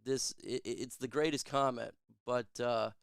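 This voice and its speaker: A man's voice: medium pitch, fairly even intonation, moderate pace, vocal fry, a little hiss or hum. A man hosting a sports show, chatting casually and answering viewer questions in a joking, chatty way. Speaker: sports podcast host. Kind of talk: casual live Q&A chat.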